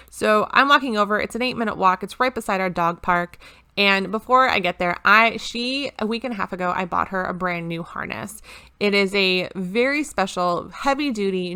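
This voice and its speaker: A woman's voice: mid-range voice, bright, forceful tone, clear, resonant tone. A woman chatting to camera at home in a casual planner vlog, rambling with frequent ums and restarts. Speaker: planner vlogger.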